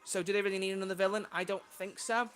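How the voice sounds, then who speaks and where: Young man, livestreamer, chatty, bright voice, faint music behind. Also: high voice, steady tone, fast talker. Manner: chatty, flustered by tech trouble. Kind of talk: casual livestream chat.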